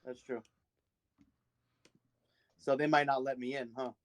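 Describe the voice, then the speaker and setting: A man's voice: mid-range voice, level tone, unhurried, slight background noise. A man playing in a tabletop game, joking and playful as he role-plays his character. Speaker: player. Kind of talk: tabletop role-play banter.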